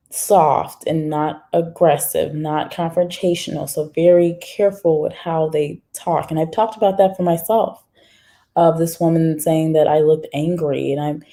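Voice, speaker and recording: Chatty woman with a low, mellow voice. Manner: chatty, animated, talks straight to viewers. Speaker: livestream host reading viewer comments. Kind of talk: casual livestream chat.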